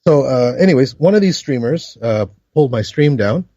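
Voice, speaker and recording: A man co-hosting a podcast in casual chat, rambling with many restarts and laughs, high. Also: animated, a little fast, dark tone, dry recording, highs cut off. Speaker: podcast co-host.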